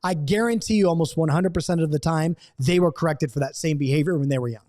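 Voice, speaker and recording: A man with a fairly high voice gives an impassioned Bible study to camera. He swings from loud acted-out outbursts down to quiet, earnest asides. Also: fast talker. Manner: acts out quoted outbursts, swings between loud and hushed. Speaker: Bible teacher.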